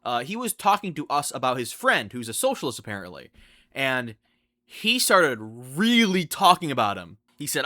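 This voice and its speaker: A young man telling a storytime vlog in an animated, incredulous way, often restarting his sentences. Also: medium pitch, moderate pace, no room sound, clean studio sound. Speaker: vlogger.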